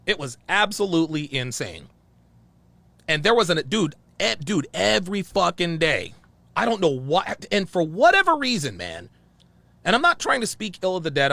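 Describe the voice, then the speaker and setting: Speaking on the high side in a fairly bright voice on a dry recording, this man hosts his channel and relates a story. He's worked up and profane, cursing as he goes and circling back to repeat himself often.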